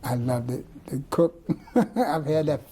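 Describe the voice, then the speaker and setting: Slight background noise sits under this older artist's warm, expressive voice, a little high and slow. During an oral-history interview indoors among his artworks, he digresses and restarts as he rambles through his stories.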